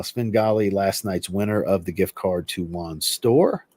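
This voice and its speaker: A man hosting a livestream and chatting casually, reading viewer comments aloud and answering them in a relaxed, rambling way. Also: sits low, measured pace, hardly any pauses, no echo. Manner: relaxed, rambling, with filler words. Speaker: host.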